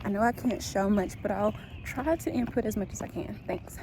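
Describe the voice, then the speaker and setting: Chatty woman vlogging over traffic noise. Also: medium pitch. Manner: chatty, hurried, friendly. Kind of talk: casual vlog talk to camera. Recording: loud traffic and outdoor noise.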